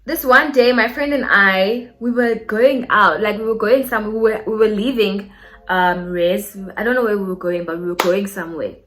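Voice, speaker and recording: A young woman with a South African accent telling a personal story to her viewers in a casual, animated way. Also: mid-range voice, normal speed. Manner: animated, code-switching, talks straight to viewers. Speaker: vlogger.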